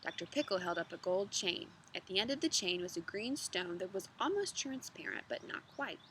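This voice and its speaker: A woman in her thirties reading a children's book aloud outdoors, chatty and relaxed between passages. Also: medium pitch, normal speed, a little hiss or hum. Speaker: storybook reader. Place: outdoors in a yard with dogs.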